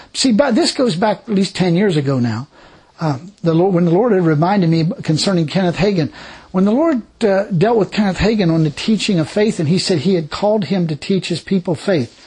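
A husky-voiced man preaches with a higher pitch and a lively, swooping delivery. He drives each point home by repeating it and breaks into praise and short laughs as he goes. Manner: emphatic, repetitive preaching with exclamations of praise. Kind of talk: sermon.

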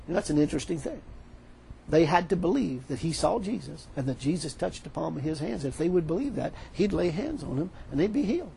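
A man preaching a sermon, animated, retelling a story with quoted dialogue. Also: on the high side, a little fast, creaky, a little hiss or hum, low-quality recording.

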